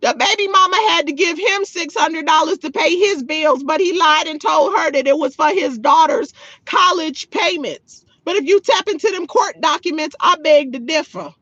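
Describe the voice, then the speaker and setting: A woman's voice: sits high, moderate pace, a bit bright, dry recording, dull audio. A woman hosting a livestream in a sassy, mocking way, talking to her chat. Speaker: livestream host. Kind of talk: livestream chat reacting to viewers.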